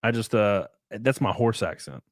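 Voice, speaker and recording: Young male podcast host, teasing banter, very lively pitch, dry close mic. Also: moderate pace, dry recording. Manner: joking, playful, teasing. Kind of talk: casual chat.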